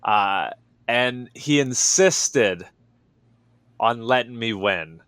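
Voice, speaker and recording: Energetic man telling wrestling stories. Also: mid-range voice, drawn-out words, clean tone, dry recording. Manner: energetic, enthusiastic storytelling with many fillers. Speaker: wrestler, interview guest. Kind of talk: casual interview storytelling.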